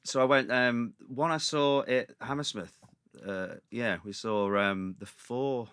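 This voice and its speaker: A comedian telling rambling anecdotes in casual chat, acting out quotes in lively voices. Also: male voice, medium pitch, measured pace, clear, resonant tone, no echo, studio quality. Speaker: comedian guest.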